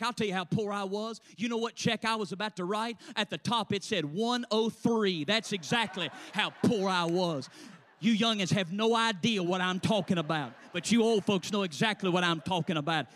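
Male preacher: high, bright, sing-song, animated storytelling. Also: moderate pace, slight background noise. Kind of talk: storytelling sermon.

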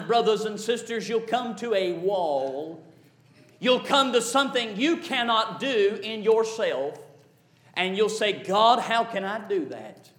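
A man preaches in a strikingly high voice, building impassioned, rhythmic runs of repeated phrases. His sermon rings through a reverberant church sanctuary. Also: fairly bright tone. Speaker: pastor.

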